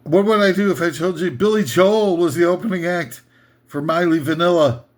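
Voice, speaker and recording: A man's voice: high-pitched, normal speed. A man doing an improvised comedy rant, sarcastic and rambling, laughing at his own jokes. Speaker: comedic ranter.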